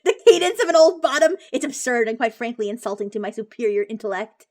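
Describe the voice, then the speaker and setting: A man's voice: very high-pitched, lively intonation, fast talker. A text-to-speech voice playing a snobbish male robot fish doctor who talks in a pompous, condescending way. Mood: haughty. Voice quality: clipped, haughty, condescending.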